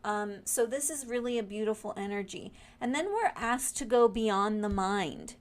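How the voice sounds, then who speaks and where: A woman giving a casual, reflective weekly oracle card reading, speaking gently and wandering through her thoughts with frequent fillers and restarts. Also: mid-range voice, animated, normal speed. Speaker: spiritual guide reading weekly oracle cards.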